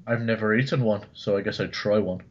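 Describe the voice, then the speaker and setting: A man's voice: on the low side, a little fast, background noise. A man teasing and cracking crude jokes in a casual chat among friends. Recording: dull lo-fi recording.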